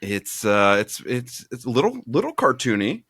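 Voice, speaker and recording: A man's voice: medium pitch, huge pitch swings, moderate pace, fairly bright tone, breathy edge, no room sound, studio quality. A young man co-hosting a comedy podcast about romance books, joking and laughing often as he chats. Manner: jokey, laughs often, stumbles and restarts. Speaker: podcast co-host. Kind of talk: casual comedic chat.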